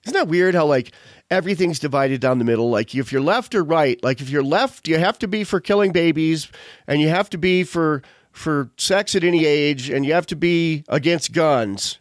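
A man's voice: a little high, lively intonation, normal speed, no room sound, studio quality. A man hosting a show, chatting casually in a rambling, digressive way full of fillers. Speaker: podcast host. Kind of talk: casual chat.

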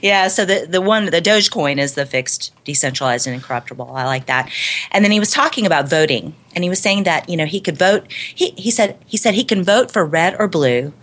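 A woman's voice: fairly low pitch, animated, brisk, fairly bright tone. A woman recounting a conference talk in casual chat, hesitant with many fillers and small laughs. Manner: hesitant, filler-heavy, giggly retelling. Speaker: guest reporting from a conference.

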